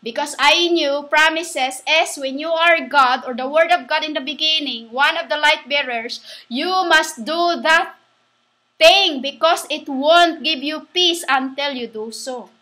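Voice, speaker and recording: A woman giving a rambling religious monologue, halting and restarting, spelling words out letter by letter. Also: sits high, bright, forceful tone. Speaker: self-styled preacher.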